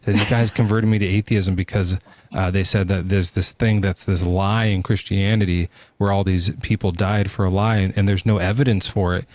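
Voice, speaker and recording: A man hosting a casual live debate stream, joking around and steering the talk along. His voice sits fairly low and sounds dry and close, with little room around it. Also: steady tone, moderate pace, a little mellow, no room sound. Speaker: podcast host.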